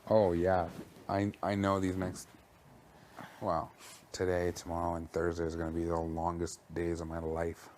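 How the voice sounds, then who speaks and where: A man's voice: low-pitched, monotone, moderate pace, a little mellow, a little hiss or hum. A man chatting in an easygoing, plain-spoken way in a reality show house, on a clip-on mic. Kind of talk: casual chat.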